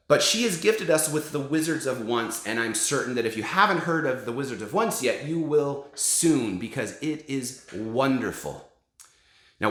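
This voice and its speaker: A man's voice: medium pitch, fairly bright tone, reverberant. A man in his forties, a father, eagerly recommending children's books to camera. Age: 40s. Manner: enthusiastic, encouraging. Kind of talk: casual book recommendations to camera.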